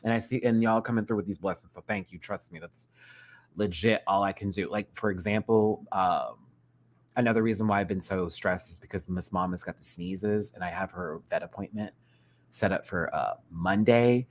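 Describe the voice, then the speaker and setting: A man hosting a live review stream, chatting casually with viewers in an animated, expressive way, laughing often. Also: low voice, normal speed.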